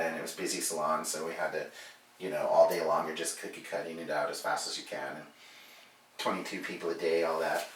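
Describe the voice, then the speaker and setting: A man's voice: low voice, normal speed, long pauses, distant mic, a little hiss or hum. A man, a hairdresser, telling a story in a casual, profane way and acting out the quotes, recorded in an echoey room away from the mic. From Alaska. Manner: animated, profane, acts out quotes.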